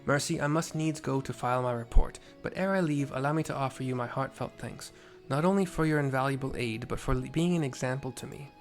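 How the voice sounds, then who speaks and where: An earnest young officer speaks in stiff, old-fashioned phrasing, as a man reads him aloud. His delivery is raised and steady, with soft game music behind. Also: mid-range voice, fairly quick, hardly any pauses, natural voice.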